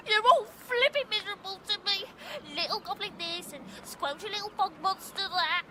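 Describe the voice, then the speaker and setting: A woman's voice: extremely high pitch, moderate pace, bright, forceful tone, slight background noise. An actress playing a lovesick, snotty young woman in a comic radio drama, with a dopey, earnest manner. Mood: smitten.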